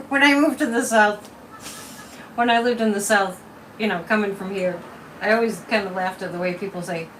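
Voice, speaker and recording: A woman's voice: medium pitch, normal speed, pauses often, fairly bright tone, recorded from a distance, slight background noise, poor audio. A woman from Massachusetts hosting a casual psychic livestream, chatty and mocking, repeating words and laughing often.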